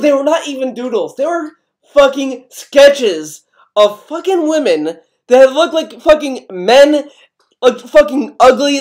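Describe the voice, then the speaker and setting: A man's voice: very high voice, a little mellow. Rambling, swearing young man. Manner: rambling, swears a lot, mock-outraged. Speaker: commentary youtuber. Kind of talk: casual reaction commentary.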